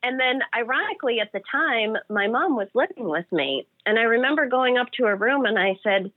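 A woman's voice: a little high, animated, fairly quick, hardly any pauses, dry recording. Woman guest, earnest storytelling, tinny phone-like sound, dry. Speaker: interview guest. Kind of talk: personal story in an interview.

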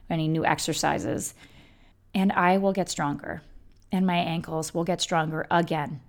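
A woman who belly dances gives a reflective self-help talk, speaking candidly and gently with the odd casual swear word. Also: lowish voice. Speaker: belly dancer sharing self-healing practice.

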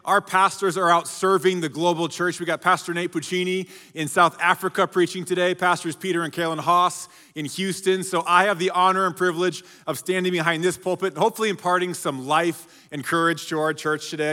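A high-voiced, bright-sounding man preaches energetically to his congregation. He jokes and calls out to the crowd, and his voice carries a long hall reverb from a large church auditorium. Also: flat delivery, fairly quick, hardly any pauses. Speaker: pastor. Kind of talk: sermon.

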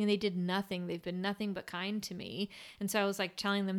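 A woman's voice: mid-range voice, flat delivery, fast, hardly any pauses, clear, resonant tone. A young woman who works as a burn-unit nurse, talking candidly in a casual conversation, rambling with lots of "like.".

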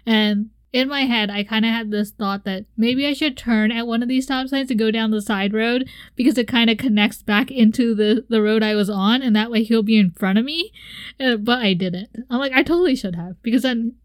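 A woman's voice: fairly high pitch, a little fast, dry recording. A young woman co-hosting a casual chat, telling a story animatedly and acting out her own reactions with laughs. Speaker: podcast co-host.

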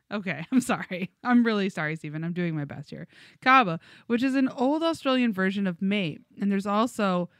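A woman's voice: mid-range voice, expressive, moderate pace, fairly bright tone, dry recording, studio quality. A woman co-hosting a music podcast, reading listener comments aloud with frequent giggles. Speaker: podcast co-host.

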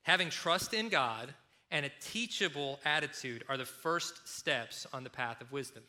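A man preaching a sermon, retelling a story in a lively way and acting out the speakers. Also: mid-range voice, moderate pace. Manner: storytelling, animated, acts out quotes. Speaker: pastor.

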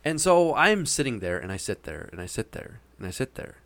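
A man's voice: mid-range voice, sing-song, fairly quick, creaky, a bit bright, no room sound. A man casually telling a long, meandering anecdote with frequent hesitations. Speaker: storyteller. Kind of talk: casual chat.

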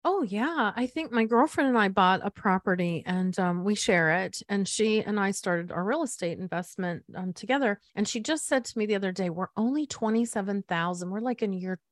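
A woman's voice: medium pitch, normal speed, few pauses, dry recording. Middle-aged woman host, chatty storyteller, close dry mic. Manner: chatty, warm storytelling with frequent fillers. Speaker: podcast host. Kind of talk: conversational interview.

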